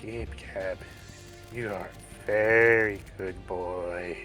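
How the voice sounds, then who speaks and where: A man's voice: low-pitched, fairly even intonation, drawn-out words, pushed and bright, faint music behind. A man on a gaming voice call who says he doesn't have a strong voice and sounds self-conscious. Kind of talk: casual gaming chat.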